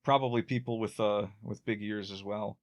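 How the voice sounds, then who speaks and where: A man's voice: lowish voice, fairly even intonation, moderate pace. A man co-hosting a podcast, chatting casually about a classic sitcom, rambling with frequent restarts and chuckling at his own jokes. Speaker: podcast co-host.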